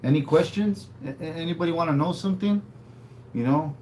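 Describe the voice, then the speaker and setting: A man's voice: on the high side, brisk, a little mellow, a little hiss or hum, rough recording. A man co-hosting a casual livestream, rambling and laid-back, tagging sentences with "eh". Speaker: livestream co-host.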